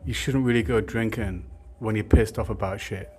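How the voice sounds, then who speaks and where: A man's voice: lowish voice, steady tone, normal speed, a little mellow, slight background noise. A young man telling a rambling, sweary story, with lots of filler words. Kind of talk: casual storytime monologue.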